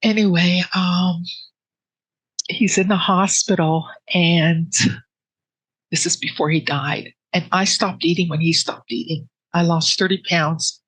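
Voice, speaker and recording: Halting, emotional woman. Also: on the low side, fairly even intonation, husky, no room sound, poor audio. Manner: earnest, halting storytelling with restarts; soft and emotional, close to tears. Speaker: interviewee. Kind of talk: personal grief story in an interview.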